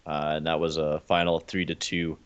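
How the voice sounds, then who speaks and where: A man's voice: extremely low pitch, little pitch movement, normal speed, clear, resonant tone. A man co-hosting a casual hockey chat show, rambling through his points with lots of "like" and "right?". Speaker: co-host.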